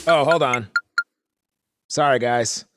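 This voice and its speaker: A man's voice: mid-range voice, takes it slowly, loud music behind the voice. A man hosting a live drum workout stream, counting off exercises and coaching casually. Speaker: drum instructor and stream host. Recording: loud drumming in the background.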